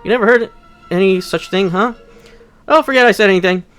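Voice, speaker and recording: A man reading aloud the lines of an eager young male police officer from a video game, in an earnest, brisk way. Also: high-pitched, a bit bright, clear, resonant tone, soft background music, voice pushed up. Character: eager young male cop, boastful maverick.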